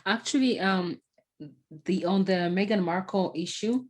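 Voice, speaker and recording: A woman hosting a podcast, talking in a casual, halting way with many fillers and restarts. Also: medium pitch. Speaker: podcast host. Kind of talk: casual conversation.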